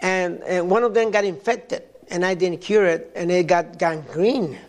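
An older man from Mexico preaching a sermon, telling personal stories in a halting way and often repeating his words. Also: sits high.

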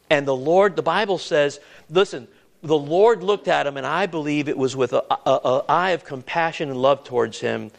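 Expressive and creaky at a moderate pace, a high-voiced man delivers an earnest, conversational sermon. He keeps repeating and restarting phrases and poses questions to the congregation.

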